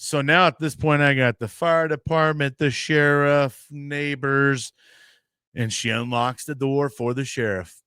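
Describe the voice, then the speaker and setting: With a mid-range voice and a measured pace, a young podcast host from the United States tells a rambling, casual story, animatedly voicing the people he quotes. The sound is clean and dry, studio quality.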